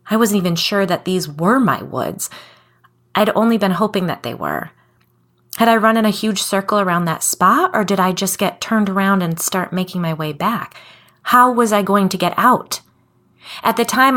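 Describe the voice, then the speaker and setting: A woman with a fairly low voice reads a spooky first-person tale as a podcast guest. Her delivery is calm and measured, steady from line to line. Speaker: guest storyteller. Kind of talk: scripted narration of a creepy story.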